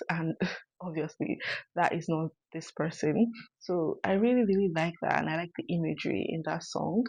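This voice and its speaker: A woman's voice: deep voice, darkish tone, no echo, lo-fi sound. A woman hosting a casual song reaction, chatting through lyrics with lots of fillers. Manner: chatty, filler-heavy analysis. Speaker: music reaction host.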